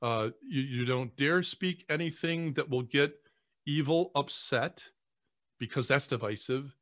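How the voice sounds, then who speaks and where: A man, a priest, speaking earnestly on a podcast, often halting and repeating words as he chokes back tears. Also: medium pitch, a bit bright, no room sound, clean studio sound. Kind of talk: emotional podcast conversation.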